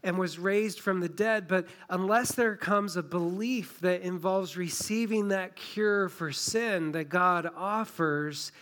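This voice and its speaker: Man, pastor, sermon, higher-pitched voice, conversational, emphatic. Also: slow, few pauses, a bit bright, smooth. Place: church in a small town.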